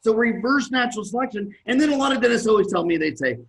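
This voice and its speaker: A dentist in his fifties, a guest in a podcast conversation, telling blunt, animated stories and acting out what other people say. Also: high voice, quick pace, few pauses, low-quality recording.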